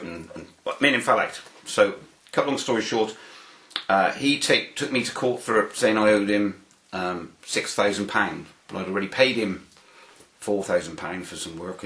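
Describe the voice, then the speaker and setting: A man's voice: sits low, a little fast, fairly bright tone, roomy sound, low-quality recording. A man giving an interview, telling a long anecdote in a rambling way, with many restarts and fillers. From United Kingdom. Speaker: interview guest.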